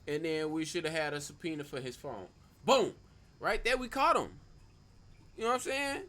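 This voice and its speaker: A man's voice: a little high, expressive, moderate pace, bright, forceful tone. Emphatic, profane man reacting heatedly. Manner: emphatic, profane, repeats phrases for stress. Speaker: stream host reacting to a clip.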